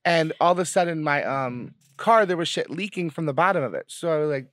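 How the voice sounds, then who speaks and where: A man's voice: a little high, fairly quick, dry recording. A young man in his twenties, co-hosting a podcast, telling stories in a casual chat, swearing freely and acting out the quotes. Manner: swears freely, animated retelling with voiced quotes. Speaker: podcast co-host.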